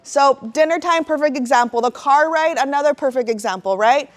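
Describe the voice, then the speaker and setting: Chatty woman, somewhat high voice. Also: fairly quick. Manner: conversational, repeats "right?", emotional asides. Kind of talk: casual talk to parents.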